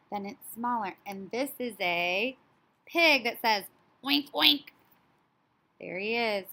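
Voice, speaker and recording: A woman teacher talks young children through the order of a story, slowly and with clear, careful emphasis. Her voice is bright and forward, and her delivery is animated and child-friendly. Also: medium pitch. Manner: slow, animated, child-directed, imitates animal sounds.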